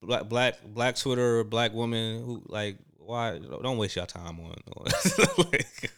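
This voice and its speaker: A man's voice: mid-range voice, expressive, takes it slowly, fairly bright tone. A man co-hosting a casual chat, talking in a laid-back, loose way full of fillers and frequent laughs.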